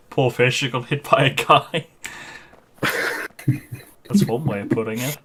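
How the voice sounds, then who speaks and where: A male streamer talks casually as he plays, his voice sitting at an ordinary middle pitch. He rambles loosely from one anecdote to the next. He chuckles at his own stories as he goes. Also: slow, fairly bright tone, slight background noise. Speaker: game streamer. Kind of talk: casual chat while gaming.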